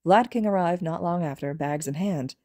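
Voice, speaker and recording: A woman reading a fan fiction aloud as a podfic narrator, telling the story in a steady, even way. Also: on the low side, moderate pace, no echo, studio quality. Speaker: podfic reader.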